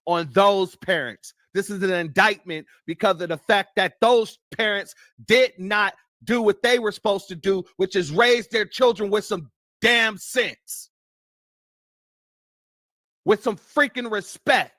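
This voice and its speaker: A man's voice: high voice, a little slow, bright, forceful tone, no echo, clean studio sound. A man from the United States hosting a news commentary show, talking bluntly and profanely and telling stories from his childhood. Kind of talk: casual commentary.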